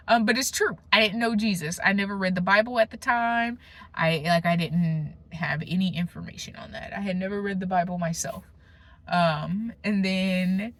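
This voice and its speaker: A young adult woman sharing a personal faith testimony in a casual vlog, talking emphatically with slangy asides and restarts, swinging from animated bursts to hushed low moments. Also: normal speed. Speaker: faith vlogger.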